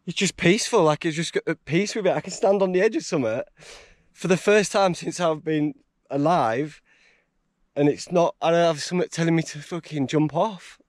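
An English man vlogging from a high mountain trail, rambling and emotional, breaking into laughter. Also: normal speed, no room sound, studio quality. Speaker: hiker vlogger. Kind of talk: casual vlog talk.

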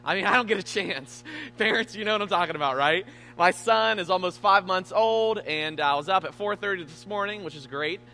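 A young man preaching a sermon as pastor, telling a family story with animated, self-deprecating humor and saying he is tired. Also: high voice, fairly quick, faint music behind.

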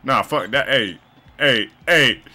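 A man's voice: medium pitch, expressive, takes it slowly, over a noisy crowd. A man doing a comic impression of a cocky male basketball star, with boastful trash talk. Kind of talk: comic impression while gaming.

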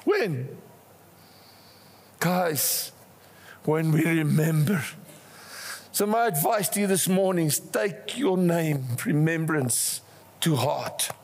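An older man with a South African accent preaching a passionate sermon, swinging between rising cries and hushed asides, in a church. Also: fairly high pitch. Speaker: pastor. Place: church hall. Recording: church hall reverb.

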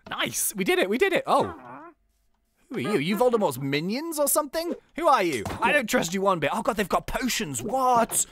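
A young man hosting a gaming channel, giving chatty, excitable play-by-play commentary and often laughing at the game. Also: sits high, normal speed, slight background noise.

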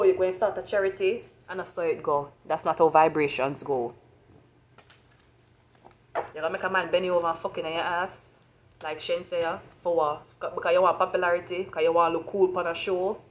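A woman's voice: fairly low pitch, slight background noise. A woman with a Jamaican accent giving an astrology reading as a blunt, profane rant. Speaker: astrology reader.

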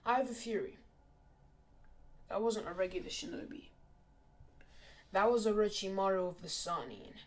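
A woman voicing a determined teenage boy ninja hero in a low, hushed delivery while retelling a fan story. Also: lively intonation, normal speed, pauses often, lightly acted. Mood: serious.

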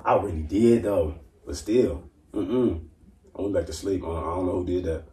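A young man with a very deep, mellow voice tells a story sheepishly, swearing and mimicking others. The sound is roomy and echoey. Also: moderate pace. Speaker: guest. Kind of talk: casual storytelling. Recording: echoey room.

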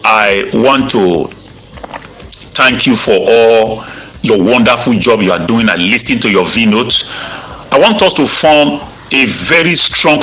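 A man's voice: mid-range voice, bright, forceful tone, low-quality recording. Nigerian man in a threatening voice-note rant. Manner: threatening, repetitive, with halting restarts and filler sounds. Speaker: self-styled evangelist and grant campaigner.

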